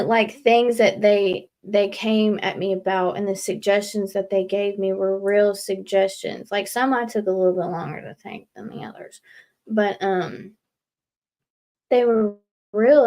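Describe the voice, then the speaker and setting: A woman's voice: mid-range voice, measured pace, darkish tone. A young woman speaks as a guest in a casual live interview. She talks earnestly and rambles, with lots of fillers. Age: young adult. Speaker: guest leaving a recovery house.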